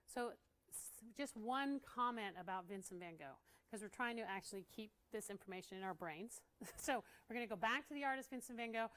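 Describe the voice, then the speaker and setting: A woman's voice: a little high, fairly quick, a bit bright. A woman giving a casual training talk to art teachers, chatty and laughing often as she acts out what kids say.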